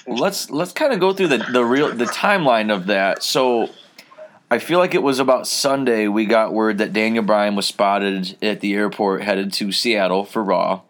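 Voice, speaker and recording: Low-voiced man hosting a casual podcast. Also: normal speed. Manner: relaxed, rambling storytelling with fillers. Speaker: podcast host.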